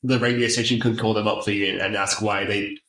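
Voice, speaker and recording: A man's voice: fairly low pitch, level tone, fairly quick, a bit bright. Guy chatting casually, lots of ums and likes, echoey room. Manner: rambling, lots of fillers and restarts. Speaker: podcast host. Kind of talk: casual chat.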